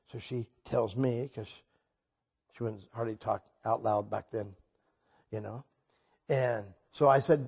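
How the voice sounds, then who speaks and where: A man preaching a sermon and telling a story, animated and breaking into loud bursts when he quotes himself. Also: mid-range voice, normal speed, gravelly, breathy edge.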